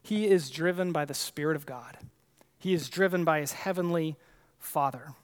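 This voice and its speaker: A man preaching a sermon, retelling scripture in a conversational, animated way with casual asides. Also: a little high, normal speed, smooth, big-room sound. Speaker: pastor.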